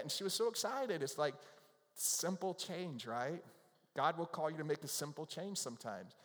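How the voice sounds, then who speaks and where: Man preaching in a reverberant hall. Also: fairly high pitch. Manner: emphatic, repetitive, tag questions to the congregation. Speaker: pastor. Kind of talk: sermon.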